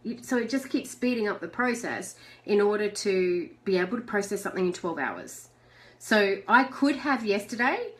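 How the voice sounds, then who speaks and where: A woman's voice: mid-range voice, animated, moderate pace. A middle-aged woman hosting a live video chat. She talks chattily, reads out viewer messages, and laughs often. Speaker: host.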